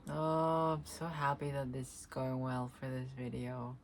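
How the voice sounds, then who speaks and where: A woman vlogging alone, speaking softly and reflectively, often pausing to search for words and breaking into laughter. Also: very deep voice, fairly even intonation, slight background noise. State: tearful at times. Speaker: spiritual vlogger. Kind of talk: slow reflective monologue, energy reading.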